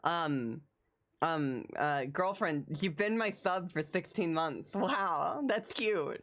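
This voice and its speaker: Woman livestreamer, excitable and rambling, animated pitch swings, slightly low voice. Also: takes it slowly, a little hiss or hum. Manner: excitable, rambling, repeats phrases. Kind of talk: casual live-stream chat.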